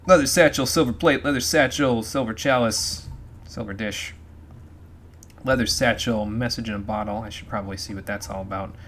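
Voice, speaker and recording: Wry bright-voiced game streamer. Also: male voice, fairly low pitch, a little hiss or hum. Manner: wry, chatty, muttering asides to himself. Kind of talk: casual let's-play commentary.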